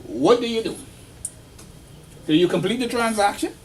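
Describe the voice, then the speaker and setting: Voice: mid-range voice, animated, moderate pace, slight background noise. An instructor giving a casual, story-driven classroom lecture and quizzing the students. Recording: distant classroom recording with faint ambience.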